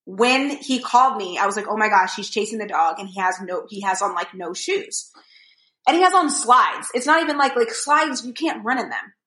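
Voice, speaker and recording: A woman's voice: mid-range voice, animated, moderate pace, a bit bright. Young woman podcasting, rambly story, lots of likes and ums, roomy echo. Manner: rambling storyteller, many fillers, acts out quotes. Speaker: podcast co-host. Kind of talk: casual chat.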